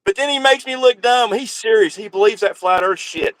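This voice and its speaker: A man hosting a casual comedic chat, excitable and quick to exclaim. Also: sits high. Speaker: host.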